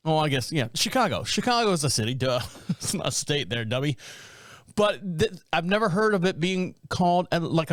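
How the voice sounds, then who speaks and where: A man in his thirties chats alone on his podcast, rambling and poking fun at himself. His voice sits a bit high. The recording is close and dry, with no room sound. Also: a bit bright, no echo. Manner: rambling, jokey, self-mocking asides. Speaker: podcast host. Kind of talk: casual solo podcast chat.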